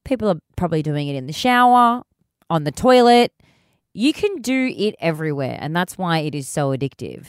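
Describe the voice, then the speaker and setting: A woman's voice: on the low side, big pitch swings, moderate pace, smooth, dry recording, clean studio sound. Chatty woman podcast host. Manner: chatty, frank, swears casually. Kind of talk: casual chat. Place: podcast studio.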